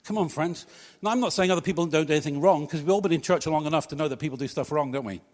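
A male pastor preaches to his congregation in a church, his voice a touch higher than most men's. He speaks in a conversational way and slips in light jokes. The sound carries a long reverb from the hall. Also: rapid-fire, a little mellow. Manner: conversational, humorous asides to congregation. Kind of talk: preached sermon.

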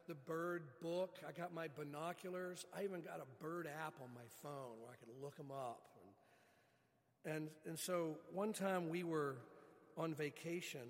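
Middle-aged guy preaching, folksy story, voice a bit high, long hall reverb. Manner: folksy storytelling, animated retelling. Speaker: pastor. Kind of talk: sermon with personal story.

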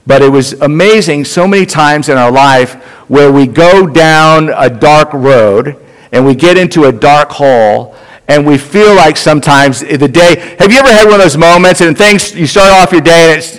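A middle-aged male pastor preaches with a slightly high voice, talking to his congregation like he's chatting with friends. His voice rings out with the long reverb of a church hall. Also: fairly bright tone, clear, resonant tone. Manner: conversational, addresses the congregation directly. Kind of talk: sermon with personal storytelling.

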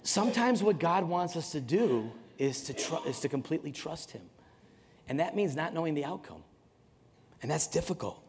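A man's voice: fairly high pitch, lively intonation, moderate pace, background noise. A man preaching a sermon in a conversational way, often repeating words and acting out stories. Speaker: pastor. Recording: long hall reverb.

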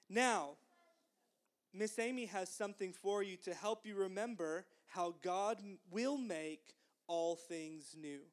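Slow, gentle woman telling a children's sermon. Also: mid-range voice. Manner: gentle and encouraging, prompts children to repeat. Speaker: children's minister.

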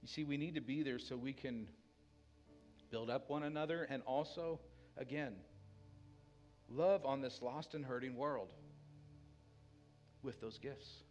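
A pastor preaching a sermon with a dynamic delivery, dropping to a hushed tender voice and rising loud again. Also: male voice, medium pitch, unhurried, pauses often, soft background music.

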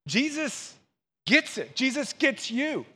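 High-voiced man preaching an expressive sermon. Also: slow pace, husky. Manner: earnest, expressive preaching with acted quotes. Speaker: pastor.

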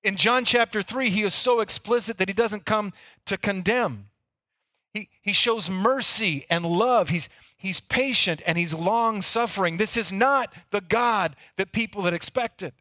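A man's voice: sits high, a little slow, pushed and bright, no echo, clean studio sound. A man preaching a sermon, telling the story earnestly and sometimes repeating words as he goes. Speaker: pastor.

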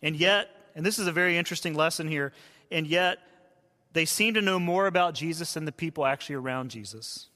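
A man who is a pastor, preaching a sermon in a conversational way and dropping to hushed tones for quoted voices. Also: fairly high pitch, brisk. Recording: long hall reverb.

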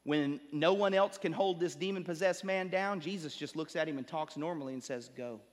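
A male pastor preaching a sermon. He builds up with rising emphasis, then drops low and slow to drive a point home. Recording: long reverb of a large hall.

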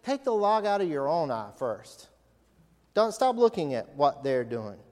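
A male pastor preaching an animated sermon, asking the congregation questions. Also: a little high, unhurried. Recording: long reverb of a large hall.

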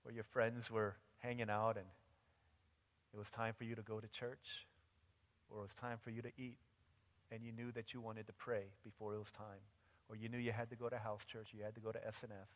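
A man's voice: lowish voice, little pitch movement, fairly quick. A man pastor delivering a sermon with vivid, dramatic storytelling. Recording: long reverb in a large hall.

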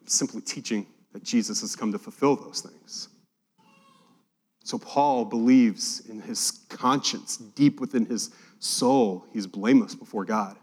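A man's voice: mid-range voice, measured pace, darkish tone. A man preaching a Bible-teaching sermon, reading scripture aloud and acting out the quotes with animation. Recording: long hall reverb.

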